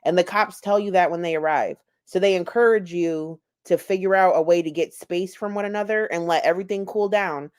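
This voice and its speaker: A woman's voice: lowish voice, fairly quick, few pauses, a little mellow. A woman giving casual, profane, gossipy commentary over video clips. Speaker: commentary YouTuber.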